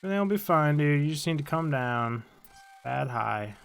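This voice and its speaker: A man's voice: fairly high pitch, lively intonation, normal speed, gravelly, soft background music. A tired man giving casual, rambling commentary on a video game he is playing, swearing and joking at what happens on screen. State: tired, yawning. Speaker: let's play host.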